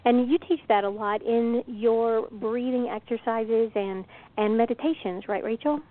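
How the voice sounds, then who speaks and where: A woman's voice: a little high, a little slow. A woman co-hosting a spiritual talk show, encouraging and prompting her co-host. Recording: tinny phone-like line.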